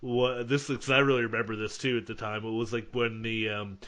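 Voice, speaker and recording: Bright-voiced male podcast co-host. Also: mid-range voice, flat delivery, brisk. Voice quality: enthusiastic, laughing. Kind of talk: casual chat.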